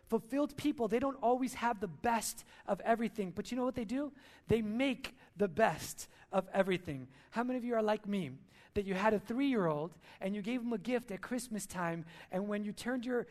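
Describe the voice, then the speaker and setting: A man's voice: sits high, a little mellow. Emphatic male pastor preaching a sermon. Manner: emphatic, repeats key lines, asks the crowd rhetorical questions. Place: church service.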